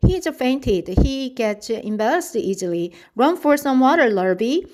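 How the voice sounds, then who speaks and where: A woman voicing an excitable middle-aged male farmer who hollers in flustered bursts, in a storybook reading. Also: high voice, unhurried, pitched above the performer's own voice. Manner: loud, flustered exclamations.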